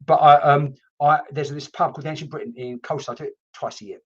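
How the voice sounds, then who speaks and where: A man hosts a live-streamed mediumship session, talking in a rambling, chatty way full of restarts and mild swearing. His voice sits a little high and has a husky edge. The home stream audio is muffled and lo-fi. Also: steady tone, fast. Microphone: computer mic.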